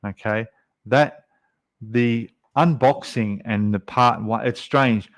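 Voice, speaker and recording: A man's voice: mid-range voice, slow, no room sound. An Australian man hosting a casual live stream, rambling and chatty as he reads out viewer comments. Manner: rambling, chatty, lots of fillers.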